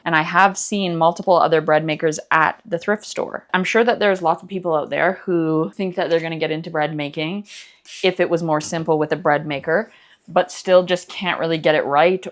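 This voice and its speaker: Woman home-cooking vlogger, jokey and rambling, slightly low voice. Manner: goofy, rambling, joking. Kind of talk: casual cooking vlog. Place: home kitchen.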